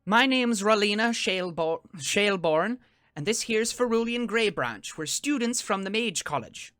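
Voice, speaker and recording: A man voicing a bossy young female dwarf student in a tabletop game, brisk and chiding. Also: sits high, expressive, sharp tone, clean tone, no echo, studio quality, faint music behind.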